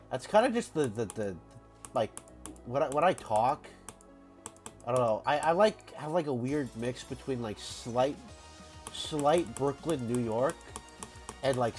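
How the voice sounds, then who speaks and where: A man's voice: medium pitch, expressive, slow pace, long pauses, a little mellow, soft background music. A man with a head cold chatting casually on a game stream, rambling and repeating words as he restarts sentences. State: congested from a cold. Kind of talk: casual live-stream chat.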